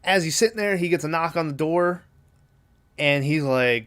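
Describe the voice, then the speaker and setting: A man with a smooth, clear voice recaps a horror film for his podcast in a loose, chatty way. He quotes the characters offhand and drops the odd curse as he goes. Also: fairly high pitch, moderate pace. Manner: casual, profane, retells scenes with quoted lines. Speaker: podcast host. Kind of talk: casual movie recap.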